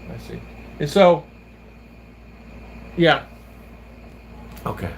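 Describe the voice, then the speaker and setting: A man's voice: fairly high pitch, sing-song, extremely slow, slight background noise. A man hosting a vlog, chatting casually and telling rambling stories while laughing often. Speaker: vlogger and host. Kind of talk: casual chat.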